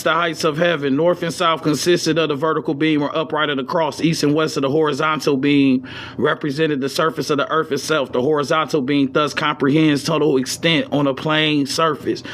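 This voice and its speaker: A man giving a casual esoteric lecture, reading passages aloud and riffing on them in profane street slang, swinging between high and low registers. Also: a bit bright. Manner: reads passages, then riffs in profane slang.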